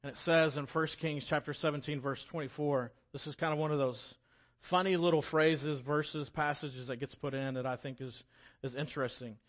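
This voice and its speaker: A man preaching a casual storytelling sermon as pastor, talking conversationally and swinging between loud emphasis and hushed moments. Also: a little high, steady tone, normal speed, highs cut off.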